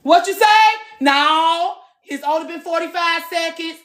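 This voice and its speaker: A woman in her late thirties, chatting casually to her viewers from the gym. She talks in an animated way, swings between loud and soft, and swears freely. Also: very high voice, measured pace. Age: late 30s. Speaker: vlogger. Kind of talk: casual chat to camera.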